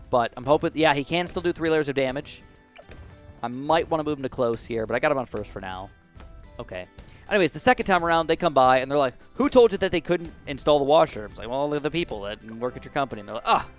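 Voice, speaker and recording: A man's voice: medium pitch, clean tone. A man in his twenties chatting casually over gameplay, rambling through a story and acting out what people said. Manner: chatty, rambling anecdotes with acted-out quotes. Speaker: gaming YouTuber.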